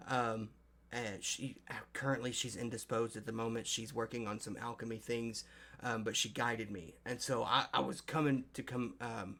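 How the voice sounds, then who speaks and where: A man's voice: mid-range voice, fairly even intonation, moderate pace, sharp tone. A man playing a flustered, overly polite male adventurer who rambles and apologizes. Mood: apologetic. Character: flustered, polite young male dwarf-ish smith.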